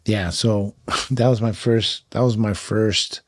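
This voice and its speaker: A man's voice: on the low side, steady tone, slow, dry recording, studio quality. A middle-aged man from California, telling stories as a podcast guest in a chatty way, with lots of fillers and laughs. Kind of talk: casual storytelling.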